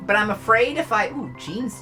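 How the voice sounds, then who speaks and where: A woman's voice: medium pitch, very animated, moderate pace, bright, forceful tone. A woman co-hosting a retro game stream, joking, laughing and swearing freely as they play. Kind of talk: casual playthrough banter. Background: game music.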